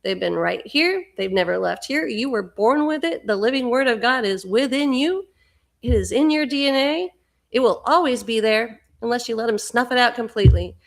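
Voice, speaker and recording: A woman's voice: fairly high pitch, expressive, moderate pace, gravelly. A middle-aged woman hosting a livestream, talking fervently in a rambling spiritual monologue and often repeating words. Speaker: livestream host.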